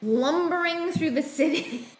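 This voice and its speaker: Slow rambling woman recapping a film. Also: very high-pitched, reverberant, a little hiss or hum. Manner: rambling with many ums and quoted asides. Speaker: podcast co-host recapping a film. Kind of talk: casual chat.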